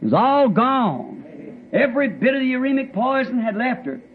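A man's voice: very high-pitched, big pitch swings, normal speed, a little hiss or hum. A man preaching a sermon, telling a testimony in a folksy, rambling way with plain rural grammar. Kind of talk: sermon storytelling. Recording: dull lo-fi old recording.

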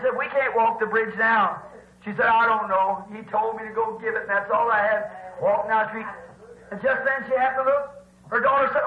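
High-voiced preacher, roomy old recording. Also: male voice, fast, phone-quality sound. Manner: animated, shouting at peaks, folksy grammar. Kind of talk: storytelling sermon. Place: church.

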